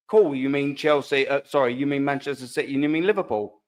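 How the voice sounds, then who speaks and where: A man hosting a football fan show, talking fast through his frustration with friendly asides to the panel. His voice sits a little high for a man. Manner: animated, frustrated, chatty with filler asides. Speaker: host.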